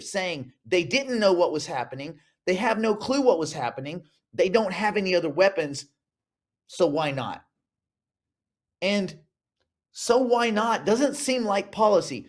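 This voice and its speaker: A man hosting a finance livestream, talking in a sarcastic, animated way and repeating himself for effect. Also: sits high. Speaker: host. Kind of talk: livestream commentary.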